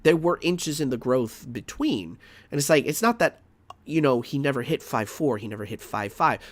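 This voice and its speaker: A man's voice: mid-range voice, lively intonation, normal speed, dry recording. A man streaming live, reacting to a video and arguing back at it with rambling restarts and exasperated outbursts.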